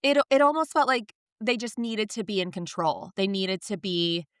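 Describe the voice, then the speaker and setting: A woman in her thirties co-hosting a podcast, telling parenting stories in a casual, animated way and acting out the lines of others. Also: mid-range voice, moderate pace, clean tone, no echo, clean studio sound. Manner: animated storytelling, acts out quotes. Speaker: podcast co-host.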